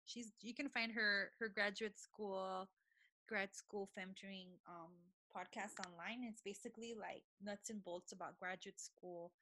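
A woman co-hosting a casual podcast chat, telling stories in a lively way, often stopping to correct herself and laughing. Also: medium pitch, a little slow, slight background noise. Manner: lively storyteller who backtracks and corrects herself; laughs often, switches languages mid-sentence. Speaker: podcast co-host.

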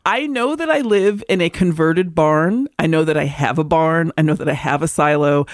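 A woman co-hosting a podcast, telling a lively story in casual chat and acting out her cat's thoughts in little voices. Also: low voice, moderate pace, no room sound, clean studio sound. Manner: animated storyteller, acts out her cat. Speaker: podcast co-host. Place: converted barn in the country.

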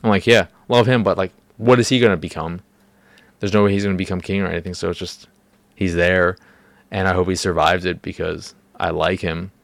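Guy ranting on his podcast, lots of swearing, kinda low voice, super dry close mic. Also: fairly even intonation, a little fast, vocal fry, dry recording. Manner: profane, exasperated ranting with mocking put-on quotes. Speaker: podcast host. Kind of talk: solo podcast rant.

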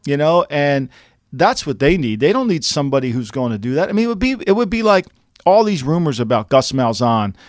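A man co-hosting a sports podcast in casual talk, animated and rhetorical, firing off questions with laughing asides. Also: fairly high pitch, a little fast, no room sound, clean studio sound. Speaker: podcast co-host.

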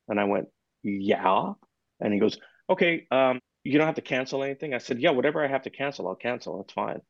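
Animated storytelling man, dry dull audio. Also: mid-range voice, a little fast, vocal fry, dry recording. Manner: animated anecdote-telling, acts out quoted dialogue. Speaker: guest percussionist. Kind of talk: storytelling in a podcast interview.

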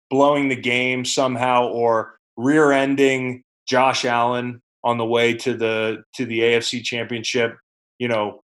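A man's voice: mid-range voice, a bit bright. A man co-hosting a sports podcast, rambling in casual, conversational chat.

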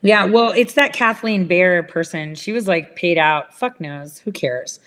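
A woman ranting in casual chat, rambling and swearing, switching to a higher voice when she mimics other people. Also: a little slow, a bit bright.

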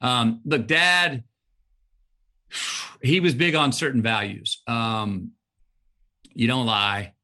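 A man being interviewed as a guest on a podcast, telling stories in a lively way and acting out the sayings of his parents. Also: medium pitch, slow, pauses often. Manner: animated storyteller who acts out his parents' sayings. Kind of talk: casual interview storytelling.

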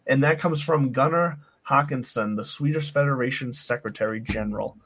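A man's voice: mid-range voice, moderate pace, fairly bright tone, a little hiss or hum. A man co-hosting a sports podcast in casual chat, teasing and laughing easily. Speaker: podcast co-host.

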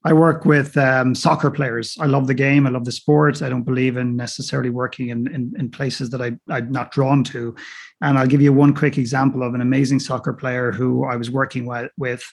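A man, a coach and podcast guest, telling stories in lively conversation and acting out both sides of remembered exchanges. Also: mid-range voice, brisk, gravelly. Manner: animated, acts out both sides of dialogues. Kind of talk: conversational storytelling. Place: remote call.

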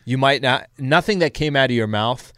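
A man's voice: mid-range voice, normal speed, fairly bright tone, clear, resonant tone, no room sound. A man co-hosting a casual sports talk radio show, easygoing with frequent fillers, at a studio microphone.

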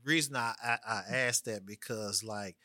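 A man in a casual chat asking an earnest question, speaking haltingly. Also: lowish voice, sharp tone, no echo, studio quality.

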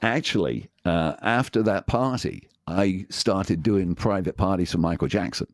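A man's voice: deep voice, measured pace, no echo, clean studio sound. An enthusiastic man in his sixties with an English accent, a DJ telling long stories as an interview guest and acting out the voices he quotes. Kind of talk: anecdotal interview storytelling.

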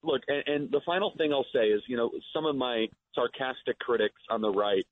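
A man's voice: medium pitch, brisk. A man, a guest on a radio show, arguing his points earnestly over the phone. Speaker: guest, activist. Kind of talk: radio interview. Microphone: phone line. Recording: tinny phone line.

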